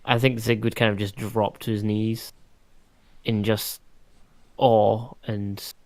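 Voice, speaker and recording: A man's voice: lowish voice, little pitch movement, slow pace, a little mellow, no echo. A man playing a tabletop role-playing game, describing his character's actions tentatively with lots of "I think" and "kind of". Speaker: player.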